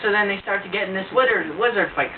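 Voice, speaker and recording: A man's voice: sits high, fast. A young man jokingly retelling a movie plot at home, rambling and laughing at his own jokes. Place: living room at home. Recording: tinny, distant, noisy home video.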